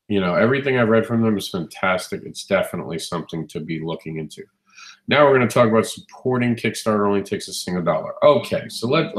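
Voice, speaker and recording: A man hosting a live online show, talking enthusiastically with frequent restarts, his voice hoarse from recently losing it. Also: low-pitched, reverberant. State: hoarse, recovering lost voice. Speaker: host. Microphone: phone mic, standing close.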